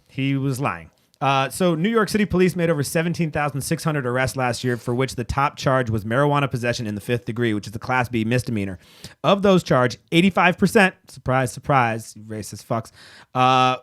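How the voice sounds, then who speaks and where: A man's voice: medium pitch, a bit bright. A man hosting a podcast, reading news aloud with angry, profane asides. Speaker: podcast host.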